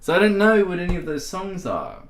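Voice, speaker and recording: An Irish man chats casually on a music livestream, playful and giggly. His pitch is a touch high and swings widely as he talks at an unhurried pace. The recording carries a roomy echo. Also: huge pitch swings. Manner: giggly, playful, laughs often.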